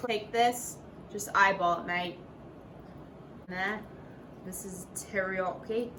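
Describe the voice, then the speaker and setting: A woman hosting a casual home cooking video in her kitchen, talking in playful, profane mock-chef banter. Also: mid-range voice. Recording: noisy room ambience.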